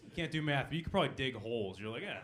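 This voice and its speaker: A young man performing a stand-up comedy set on a club stage, delivering deadpan punchlines and talking with the crowd. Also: mid-range voice, rapid-fire, heavy background noise.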